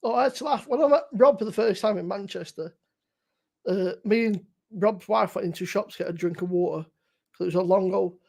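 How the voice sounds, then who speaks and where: Guy, gravelly husky voice, sweary teasing banter on a stream. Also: sits high, a little fast, a little mellow. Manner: sweary, teasing, mock-indignant. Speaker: beer stream host. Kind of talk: casual banter on a live stream.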